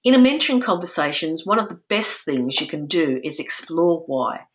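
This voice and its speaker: A woman with a low-pitched voice presents a webinar lesson. She is calm and instructive, and she says sample phrases gently. The audio comes through dull and muffled, like a webinar recording. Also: normal speed. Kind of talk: lecture-style webinar.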